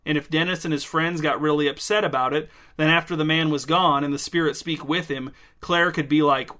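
Man reading a story aloud, deadpan, bright tone, slightly high pitch. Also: brisk, few pauses. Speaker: narrator. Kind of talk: scripted story narration.

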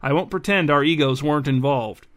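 A man's voice: fairly high pitch, a little fast, close to an everyday voice. A man playing a rambling, frazzled mother. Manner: rambling, apologetic, over-explaining. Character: frazzled talkative mother, middle-aged woman.

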